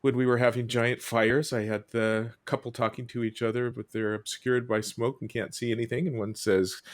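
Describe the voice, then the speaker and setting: A man hosting a casual panel chat, wry and joking as he reads out cartoon captions in quick funny voices. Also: mid-range voice, steady tone. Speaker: podcast host presenting cartoons.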